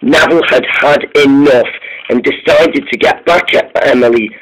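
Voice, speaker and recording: A man's voice: medium pitch, slight background noise, poor audio. A man narrating a homemade engine story, stumbling and restarting his phrases often. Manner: halting, many false starts and restarts.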